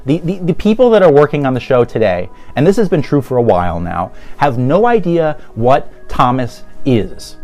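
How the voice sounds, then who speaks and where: A man's voice: mid-range voice, very animated, normal speed, hardly any pauses, a little mellow, faint music behind. A man giving casual review commentary in a sarcastic, exasperated manner. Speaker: video reviewer.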